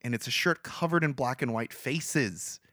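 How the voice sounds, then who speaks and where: Man rambling through an animated movie recap. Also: mid-range voice, moderate pace, dry recording, studio quality. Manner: rambling, animated storytelling with many fillers. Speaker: podcast co-host. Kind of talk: casual chat retelling a movie.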